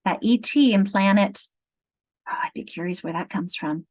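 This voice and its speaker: A woman training teachers online over a video call, explaining patiently and slowly sounding out syllables and letters. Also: medium pitch, a little mellow. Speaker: literacy trainer.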